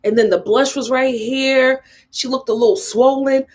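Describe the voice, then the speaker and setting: A woman's voice: high voice, steady tone, moderate pace, a little mellow. A young woman giving a casual, sassy recap of a reality TV episode, often talking straight to the people on screen. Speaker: reality TV reviewer.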